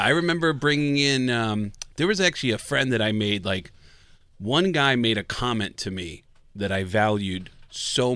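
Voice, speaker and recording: A man's voice: on the low side, clear, resonant tone, dry recording. A man, a guest comedian, telling stories in a casual podcast chat and acting out the people in them. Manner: animated storyteller, acts out quotes.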